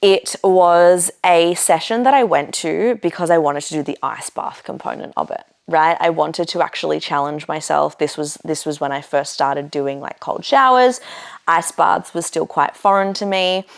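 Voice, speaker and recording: A woman's voice: deep voice, normal speed, gravelly. A woman podcast host casually telling a personal story, chatty, with lots of "like" and "you know" and the odd swear.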